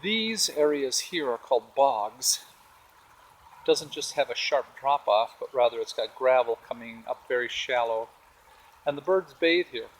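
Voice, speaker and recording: A man's voice: medium pitch, measured pace, slight background noise, low-quality recording. A man casually walking through his backyard garden, pointing out rocks and plants as he films. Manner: relaxed, pointing things out as he walks. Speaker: homeowner giving a garden tour. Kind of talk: casual walking video tour. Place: outdoors in a backyard garden by a pond. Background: faint outdoor ambience with birds and a jet.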